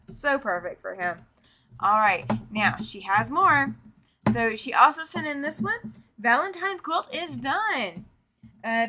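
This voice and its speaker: A woman's voice: mid-range voice, pushed and bright, a little hiss or hum. A woman hosting a live quilting show, chatting casually, reading out viewer comments and laughing easily, often trailing off and repeating herself. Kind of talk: casual live-stream chat.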